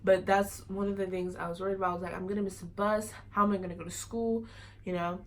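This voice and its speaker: A woman's voice: medium pitch, flat delivery, quick pace, low-quality recording. A teenage girl telling a personal story in a casual, rambling way, full of fillers. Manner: rambling, many fillers like "like" and "you know". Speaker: vlogger.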